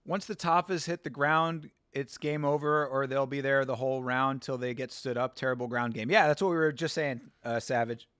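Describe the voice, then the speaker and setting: A man's voice: medium pitch, steady tone, normal speed, hardly any pauses, a bit bright, clear, resonant tone, dry recording, clean studio sound. A man hosting a live watch-along stream, chatting casually, reading out chat and rambling through stories with restarts.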